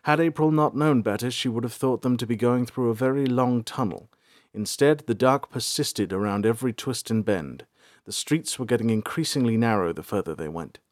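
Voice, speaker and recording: A man reading a fantasy audiobook aloud in measured storytelling. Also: medium pitch, no room sound. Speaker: narrator. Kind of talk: scripted audiobook narration.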